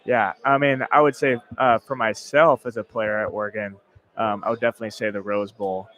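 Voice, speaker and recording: Relaxed young former football player. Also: male voice, on the low side, fairly quick, rough recording. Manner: relaxed, modest, storytelling. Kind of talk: casual interview. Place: stadium club event.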